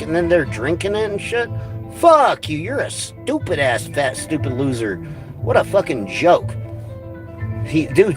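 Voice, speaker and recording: Profane ranting man, high voice. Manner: angry, crude, rambling. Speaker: livestream host.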